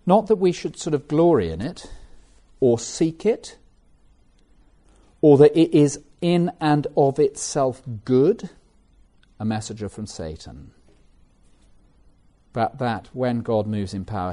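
A middle-aged English man preaching a sermon, animated and conversational with self-mocking asides. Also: mid-range voice, a little slow, long pauses. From England.

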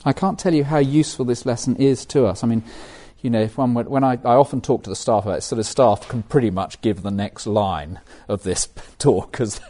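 Middle-aged English preacher, mellow warm voice, animated conversational sermon delivery. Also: male voice, on the low side. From England. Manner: animated, conversational, with self-mocking asides.

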